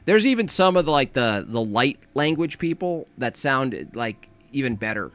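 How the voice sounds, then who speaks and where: A man's voice: mid-range voice, big pitch swings, normal speed, fairly bright tone, smooth. A man giving a comedic reaction commentary, joking and laughing often as he riffs.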